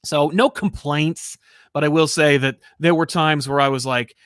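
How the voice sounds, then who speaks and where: A man co-hosting a casual live comics chat, rambling and self-deprecating, with halting restarts. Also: fairly high pitch, fairly even intonation, smooth, dry recording, clean studio sound. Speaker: co-host of a comics show.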